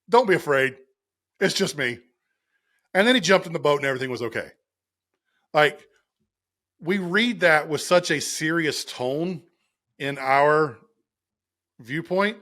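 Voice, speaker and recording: A man with a slightly higher voice co-hosts a casual podcast. He retells stories with animation, acting out each speaker's lines and laughing along the way. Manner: animated storyteller, acts out quotes, laughs often. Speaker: podcast co-host.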